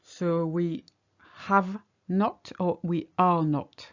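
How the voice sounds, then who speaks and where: A woman's voice: fairly low pitch, steady tone, very slow, dull audio. A woman teaching a language lesson, patiently explaining each example step by step. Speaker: French teacher.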